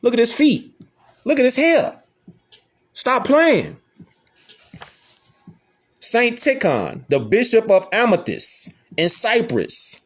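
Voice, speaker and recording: A man's voice: very high-pitched, big pitch swings, slow, long pauses, faint music behind. A man hosting a casual lecture, talking emphatically in slangy street talk and repeating rhetorical questions. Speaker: host. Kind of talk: casual lecture showing images.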